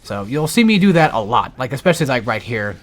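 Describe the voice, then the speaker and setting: Man, game guide narrator, a bit winded, loose rambling delivery with fillers, mid-pitched. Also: very animated, fast talker. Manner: rambling, many fillers and restarts. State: out of breath. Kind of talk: casual gameplay commentary.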